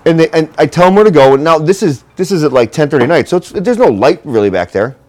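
A man's voice: a little high, animated, fast, darkish tone. A man in casual chat, telling a long, rambling, profane story full of "like" fillers.

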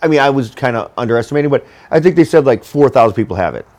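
A man's voice: mid-range voice, animated, rapid-fire, darkish tone. A man in casual chat who talks loosely, full of fillers and swearing. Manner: loose, filler-heavy, profane.

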